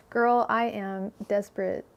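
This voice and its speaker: A creaky, mid-range voice belongs to a Californian-accented woman doing tarot readings on a relaxed livestream through her home microphone. She wanders chattily, with plenty of fillers, false starts and laughter.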